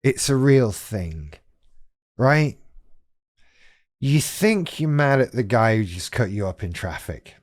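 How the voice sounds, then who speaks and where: Man, channel host, unhurried delivery, dry close sound, wry direct-to-camera talk. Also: mid-range voice, very animated, no room sound. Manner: wry, direct address to the viewer, self-deprecating. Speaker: YouTube channel host on living with BPD.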